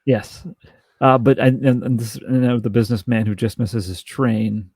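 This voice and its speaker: A man co-hosting a podcast, chatting casually about a movie with halting restarts and dry jokes. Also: medium pitch, fairly even intonation, a little mellow, husky, dry recording. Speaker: podcast co-host. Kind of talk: casual film review chat.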